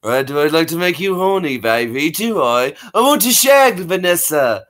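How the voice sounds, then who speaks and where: A man's voice: fairly high pitch, sing-song, normal speed, a bit bright, pitched above the performer's own voice. Man doing Austin Powers, cheesy flirty spy. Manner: drawling, suggestive.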